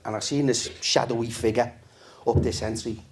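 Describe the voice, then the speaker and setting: A man tells his jokes in a stand-up set. His delivery is relaxed, confident and deadpan, with plenty of swearing, and his pitch sits in the middle range for a man. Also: moderate pace. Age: 50s. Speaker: stand-up comedian. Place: live comedy venue with audience.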